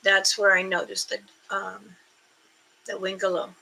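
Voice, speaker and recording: An older woman hosting a casual live stream, chatting slowly with viewers and imitating creature calls. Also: medium pitch, completely flat delivery, creaky, pushed and bright, poor audio. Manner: slow, unhurried talk with frequent fillers. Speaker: livestream host.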